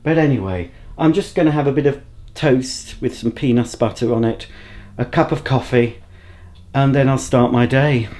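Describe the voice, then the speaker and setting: A man's voice: mid-range voice, moderate pace, darkish tone. Rambling, self-mocking vlogger man. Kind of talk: casual solo vlog to camera. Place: at home, indoors. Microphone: handheld camera at arm's length.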